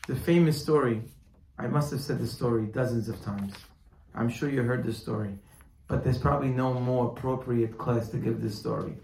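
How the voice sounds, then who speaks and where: A man teaching a Torah class, telling a story with animated speed-ups and hushed asides. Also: mid-range voice, moderate pace, vocal fry, roomy sound, a little hiss or hum.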